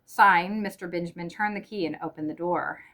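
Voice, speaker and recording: A woman narrating a short story in a measured, even audiobook reading. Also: on the low side.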